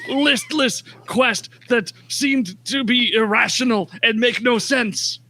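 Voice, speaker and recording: A burly half-orc shopkeeper who talks in stiff, carefully proper sentences, as a game master puts him on. The voice sits a little higher than expected and rings bright and clear. He keeps a polite, stilted formality in a tabletop role-play scene. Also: takes it slowly, slight background noise, heavily acted. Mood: formal, prim. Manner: oddly well-spoken, stilted and formal.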